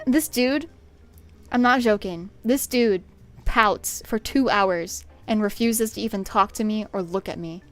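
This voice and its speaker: A young woman streams from home, telling a work story in a slightly high, lively voice. She sounds exasperated and laughs often, close on a desk microphone. Faint music plays underneath. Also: unhurried. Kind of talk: casual storytelling. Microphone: desk USB microphone.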